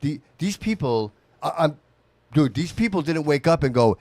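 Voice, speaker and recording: A man's voice: fairly high pitch, lively intonation, moderate pace, darkish tone, no room sound. A man hosting a casual podcast chat, emphatic and slangy in the way he talks. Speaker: podcast host.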